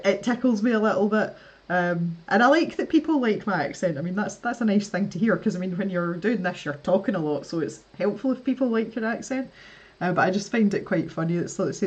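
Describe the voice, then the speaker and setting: A woman from the West Coast of Scotland with a softened West Coast Scottish accent, chatting casually on a livestream, laughing often and restarting her sentences. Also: medium pitch, quick pace, slightly rough, muffled recording. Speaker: art livestream host. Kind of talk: casual chat reading live comments.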